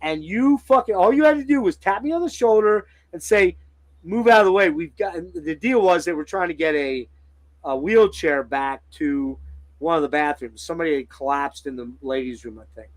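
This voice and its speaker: A man with a fairly high voice tells a story in a casual podcast chat, swearing freely and acting out every quote. His pitch swings widely as he talks. The sound is dry and close, with no room echo at all. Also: normal speed. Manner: profane, animated storytelling with acted-out quotes. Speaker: podcast host.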